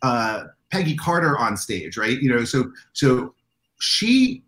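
A man's voice: medium pitch, takes it slowly. An enthusiastic man spins convention stories for an interviewer, acting out the dialogue as he goes. His voice sits in the middle range for a man. It carries a noticeable room echo. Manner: animated, enthusiastic storyteller who acts out dialogue. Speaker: convention organizer, guest. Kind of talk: anecdotal interview storytelling.

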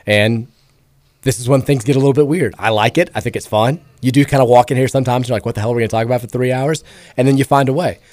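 Male sports radio host, hoarse and raspy with a cracking voice, rambling and self-deprecating, dry close studio mic. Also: medium pitch, steady tone, fast talker, a little mellow, no echo. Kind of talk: casual sports radio chat.

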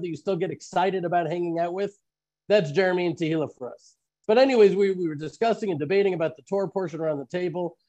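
A man's voice: sits high, a little mellow. A man hosting a live online Bible teaching, posing earnest questions to his listeners.

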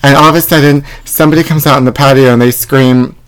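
Male podcast host, campy gossip storyteller, mid-pitched everyday voice. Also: fairly even intonation, quick pace, fairly bright tone, low-quality recording. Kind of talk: casual chat.

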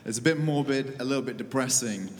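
A man's voice: medium pitch, quick pace, in a large hall. A man, a church leader, giving an informal talk to an audience, conversational and hesitant with fillers and dry humor.

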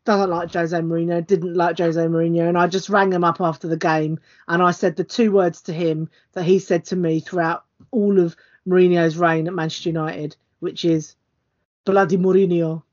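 A woman's voice: lowish voice, flat delivery, moderate pace, few pauses, a little mellow, lo-fi sound. A woman co-hosting a casual football podcast, speaking in an articulate, chatty way. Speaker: podcast co-host. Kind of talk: casual chat.

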